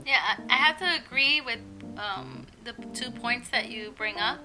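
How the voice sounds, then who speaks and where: A woman's voice: on the high side, a little slow, rough recording. A woman co-host asking questions and agreeing in a conversational way. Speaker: podcast co-host. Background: music bed under the voice.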